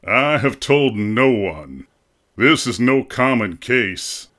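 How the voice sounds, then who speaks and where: A man voicing a grave, implacable older doctor in an audiobook, speaking slowly and solemnly. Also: mid-range voice, expressive, bright, forceful tone. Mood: accusing. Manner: slow, solemn and measured, accusing. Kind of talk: audiobook character reading.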